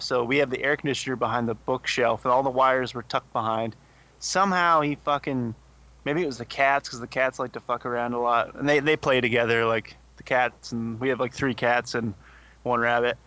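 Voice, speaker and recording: A young man co-hosts a podcast, casually telling a rambling story packed with swearing. His medium-pitched voice is pushed and bright, with a steady tone at normal speed.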